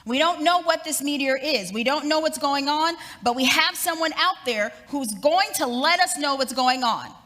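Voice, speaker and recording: A woman's voice: sits high, animated, unhurried, sharp tone, full character voice. A woman voicing an urgent male radio news announcer who repeats his bulletin insistently, heard in an echoey hall.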